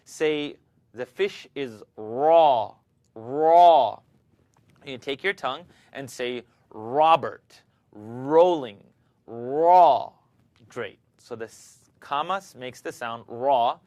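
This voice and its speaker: A man gives a recorded recitation lesson and takes his time over every word. He demonstrates letter sounds slowly and patiently for the learners to copy. His voice sits at a middling pitch in a dry, dead room. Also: lively intonation, no room sound, muffled recording. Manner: slow, patient, demonstrating each sound aloud. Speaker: Quran recitation teacher.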